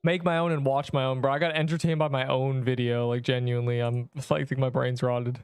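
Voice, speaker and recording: A young male streamer rambles in slang, talking to his chat while playing a video game in a casual livestream. His mid-range voice is fast, clear and resonant, with little pitch movement. There's no echo, just soft background music.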